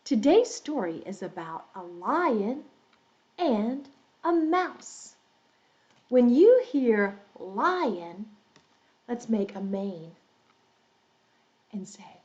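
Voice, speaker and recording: A woman with a slightly high, slightly mellow, sing-song voice teaches English to young children through a storytelling lesson. Her teacher talk is slow, exaggerated and playful, complete with animal sound effects, and the sound is lo-fi.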